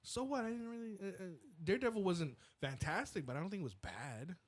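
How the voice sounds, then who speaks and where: A man's voice: high voice, lively intonation, brisk. A man hosting a podcast in casual chat, drawing out words for emphasis. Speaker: podcast host.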